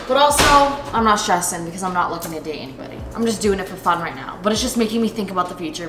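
Chatty, candid young woman in an echoey kitchen. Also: medium pitch. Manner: chatty, candid, swears freely, says "like" often. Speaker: vlogger. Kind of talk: casual vlog chat to camera. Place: home kitchen. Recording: echoey room, faint ambience.

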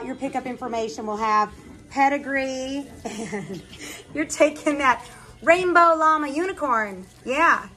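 A woman's voice: high voice, bright, forceful tone, low-quality recording. A woman dog breeder chatting casually in a home video, stumbling over words now and then and cooing at puppies. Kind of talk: casual vlog chat. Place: indoor puppy pen.

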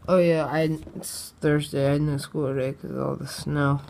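A teenage boy from New Jersey telling a story in a casual vlog, rambling and excitable with lots of fillers and restarts. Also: on the high side, moderate pace, gravelly, slight background noise. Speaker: vlogger.

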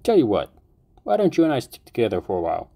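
A man's voice: medium pitch, huge pitch swings, fast talker, gravelly, dark tone, pitched above the performer's own voice, exaggerated voice. Man voicing a cocky wisecracking young fighter. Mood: casual. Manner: flippant wisecracks.

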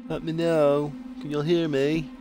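A goofy put-on accent, as a man clowns around, pitched higher than his own voice and oddly flat. It has a joking sing-song feel. Loud music plays behind it. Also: a little slow, natural voice. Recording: voice over loud game music.

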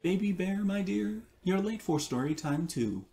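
A man voicing a brisk, kindly woman librarian in a picture-book reading, chatty and quick. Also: high voice, animated, dark tone, voice pushed up.

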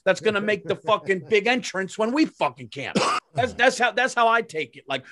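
Animated storytelling man, dry sound. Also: high voice, a little fast, no room sound. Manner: animated, profane storytelling with acted-out quotes. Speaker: podcast host. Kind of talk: comedic storytelling.

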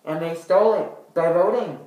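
A man's voice: on the high side, moderate pace, dark tone, voice pushed up, natural voice. A man doing an impression of a boastful, blustering older male politician, recorded in an echoey room. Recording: roomy echoing room.

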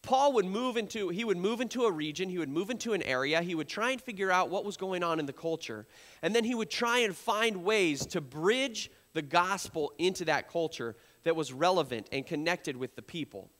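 Animated preacher in a reverberant church hall. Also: male voice, high-pitched, normal speed. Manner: animated preaching, acts out accusers in a raised voice. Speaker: pastor. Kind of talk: sermon. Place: church sanctuary.

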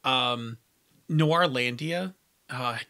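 A man co-hosting a casual podcast about tabletop gaming, animated and jokey, often restarting his sentences. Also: mid-range voice, very slow. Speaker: podcast co-host.

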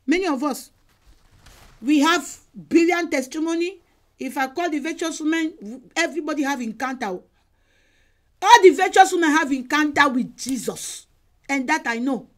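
Woman evangelist, sermon, very high voice, sweeping pitch, emphatic repetition, online call. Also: lively intonation, normal speed. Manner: emphatic, repeats phrases, exhorting.

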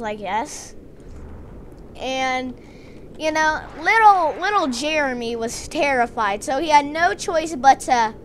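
A woman narrating a gameplay story with excitement, acting out her characters. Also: sits high, a little hiss or hum. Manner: excited storytelling, doing dramatic voices for the characters. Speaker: game narrator.

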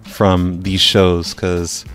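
Low-voiced, sarcastic prank call host. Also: male voice, monotone, extremely slow, fairly bright tone, faint music behind. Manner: dry, sarcastic teasing. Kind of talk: casual podcast talk and prank calling.

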